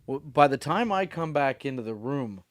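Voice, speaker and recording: A man co-hosting a comedy podcast, telling a road-gig story in a casual, animated way and briefly acting out the people in it. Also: medium pitch, moderate pace, no room sound, studio quality. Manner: animated storyteller, acts out voices in quotes.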